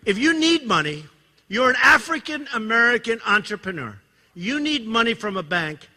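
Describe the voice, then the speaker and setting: Animated, bright-voiced man speaking at a rally. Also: very high-pitched, moderate pace. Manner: boastful, repetitive, digressive, asks the crowd questions. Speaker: campaign speaker. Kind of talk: campaign rally speech. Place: event hall with audience.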